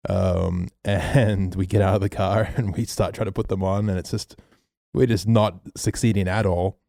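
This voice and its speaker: A young man tells a long story on a podcast, animated and full of curse words. His voice sits a bit low and sounds mellow. The recording is dry and close. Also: normal speed, creaky, no echo. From Australia. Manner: animated storyteller, swears a lot. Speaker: podcast co-host. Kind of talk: casual storytelling chat.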